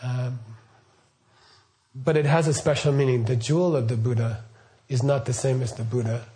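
A middle-aged Buddhist teacher gives a loose, rambling spoken teaching, often checking in with listeners, asking them questions and saying "okay" and "right" a lot. His mid-range voice is steady and dark at normal speed, with a little hiss or hum in the recording.

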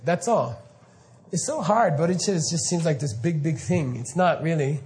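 A man giving an informal spiritual lecture to students, animated and often laughing, with mock-incredulous asides. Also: fairly high pitch, moderate pace. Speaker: spiritual teacher.

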